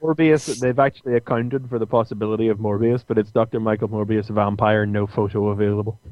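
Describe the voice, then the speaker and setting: A man's voice: on the low side, steady tone, dry recording, muffled recording. A man co-hosting a casual podcast, talkative and opinionated about what he reviews. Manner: talkative, opinionated, quick asides. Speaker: podcast co-host, comics reviewer.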